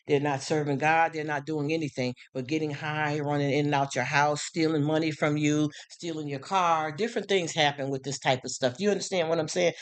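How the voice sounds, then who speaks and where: A man in a casual live stream, talking frankly about faith and daily life, often asking if listeners follow him. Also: fairly high pitch. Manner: frank and streetwise, preachy in bursts.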